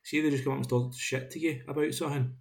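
A man hosting a podcast, talking in a relaxed, jokey way with some swearing. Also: medium pitch, quick pace, vocal fry. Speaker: podcast host. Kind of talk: casual podcast chat.

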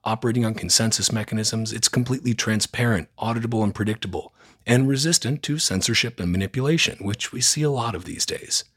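A man's voice: on the low side, fast talker, slightly rough. A man hosting a news roundup podcast, reading from a script in a blunt, sarcastic, opinionated way. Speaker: podcast host.

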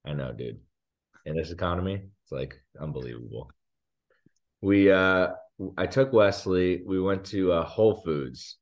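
A man with a very low, deep voice tells a rambling story in casual podcast chat. He pokes fun at himself and laughs along the way. The sound is dull and a little lo-fi. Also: measured pace. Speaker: podcast co-host.

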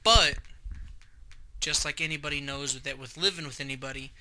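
A young man co-hosting a podcast, telling profane, animated stories in casual chat. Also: on the high side, brisk. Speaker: podcast co-host.

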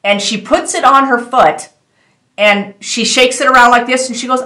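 A woman's voice: a little high, normal speed, roomy sound. A woman telling a personal faith testimony in a casual, earnest way, speaking straight to her viewers. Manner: earnest, animated storytelling that addresses viewers directly. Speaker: storyteller sharing a faith testimony.

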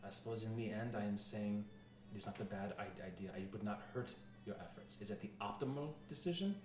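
A man voicing a prim old male spirit advisor in a French accent, speaking slowly and formally in an echoey, noisy room. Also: fairly low pitch, darkish tone, far from the mic, faint music behind, close to an everyday voice. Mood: measured. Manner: slow, measured and formal.

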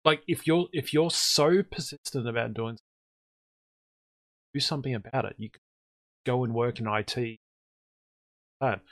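A man of ordinary pitch chatting casually as host and spinning long anecdotes with lively energy. He often jumps into higher, excited voices when he acts out his own lines. The sound is dry and close, with no room around it. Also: moderate pace, pauses often, no echo. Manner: animated storyteller, jumps into high excited voices when quoting himself. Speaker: podcast host and streamer. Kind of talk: casual chat.

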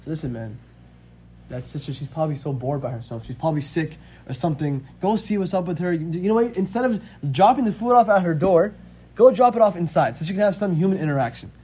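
With a slightly high, warm voice and a quick pace, a man gives a lightly acted performance as a scheming male devil, casually and persuasively coaxing someone toward wrongdoing. The recording is dull and lo-fi with a faint hiss.

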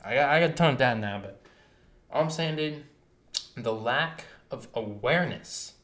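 A man holds forth on a casual podcast, his voice sitting at an ordinary middle pitch. He talks with fired-up, emphatic passion, pressing each point hard. The recording has a roomy echo around him. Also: lively intonation, normal speed, a bit bright. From United States. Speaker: podcast co-host.

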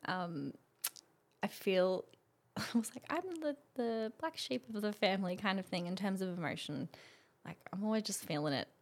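A young woman in her twenties chats about her experience, slipping into quoted voices and laughing as she goes. Her voice sits at an ordinary middle pitch, and the talk is loose and animated. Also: normal speed. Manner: animated storytelling, acts out quotes, laughs often. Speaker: guest. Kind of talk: casual chat.

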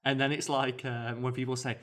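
A man's voice: medium pitch, level tone, a little fast, a bit bright. A man, co-hosting a podcast, telling a story animatedly with quoted voices. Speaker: podcast co-host. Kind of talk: casual chat.

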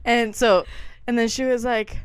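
A young woman co-hosting a podcast, telling a story in a casual, animated way and laughing often. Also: on the high side, measured pace, clear, resonant tone, no echo, clean studio sound. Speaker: podcast co-host.

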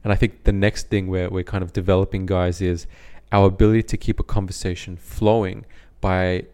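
A young man with a neutral Australian accent co-hosts a podcast, chatting casually and reflectively and often repeating himself as he thinks. His voice is low, level, warm, and smooth, and he talks fairly quickly.

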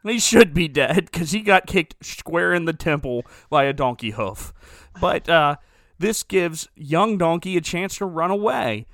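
A man's voice: fairly high pitch, lively intonation, a little slow, fairly bright tone, no room sound, studio quality. A man hosting a comedy podcast, retelling a movie plot in a rambling, sarcastic way and often correcting himself.

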